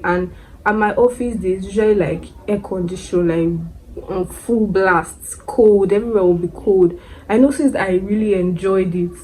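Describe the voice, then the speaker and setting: A young Nigerian woman talking casually to camera in an expressive way, repeating words for emphasis and laughing often. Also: medium pitch, rough recording. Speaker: beauty vlogger.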